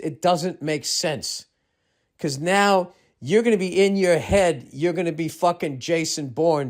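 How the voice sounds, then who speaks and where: A man in his fifties ranting alone as podcast host, a rambling storyteller who swears constantly and sounds exasperated and incredulous. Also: on the high side. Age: 50s. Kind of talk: casual solo ranting monologue.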